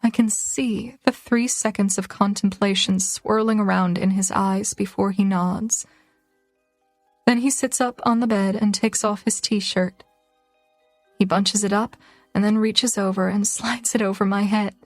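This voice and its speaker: A woman's voice: medium pitch, fairly even intonation, a little slow, no echo, faint music behind. A young woman reads a first-person romance audiobook, her delivery emotional and tearful. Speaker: audiobook narrator.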